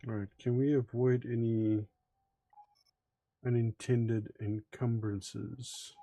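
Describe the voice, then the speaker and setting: A man's voice: mid-range voice, flat delivery, warm tone, no echo. A man joking and rambling in casual chat while streaming a game. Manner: slow, rambling, joking commentary.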